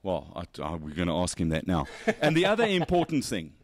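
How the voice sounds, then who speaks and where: Gushing over the details of a race car, a motorsport show host chats and jokes casually during a walkaround. He speaks low and brisk, his pitch swooping wildly, on a dry recording.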